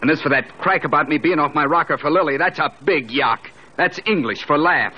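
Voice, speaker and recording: An actor playing a guarded, hard-bitten small-time gangster who talks in curt, deadpan slang, in 1940s radio acting. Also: male voice, a little high, a little fast, husky. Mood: gruff. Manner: slangy tough-guy talk, curt and deadpan. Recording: muffled old radio broadcast.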